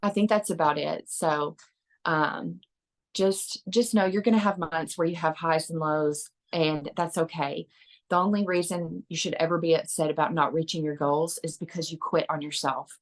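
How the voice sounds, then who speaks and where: Low-voiced woman, earnest and rambling, sharing encouragement with her team. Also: fairly even intonation, normal speed, poor audio. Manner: earnest, rambling with fillers and restarts. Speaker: team member sharing at an online meeting. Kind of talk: casual motivational talk.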